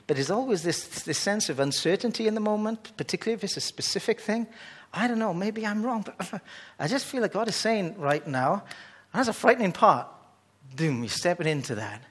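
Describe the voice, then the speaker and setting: A man preaching a sermon in an animated way, often restarting phrases as he builds excitement. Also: sits high, brisk, slightly rough.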